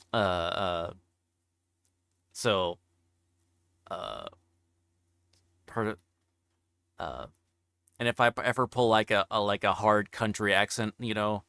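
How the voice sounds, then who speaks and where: Guy hosting a stream chat, kinda low but bright and crisp, rambles on and on, dry close mic. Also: no echo. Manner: rambling, meandering explanations. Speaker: interview show host. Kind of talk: casual chat on a livestream.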